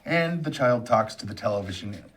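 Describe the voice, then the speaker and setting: A man's voice: lowish voice, expressive, brisk, fairly bright tone, slight background noise. A man co-hosting a movie review show, chatting casually and teasing his partner with dry sarcasm.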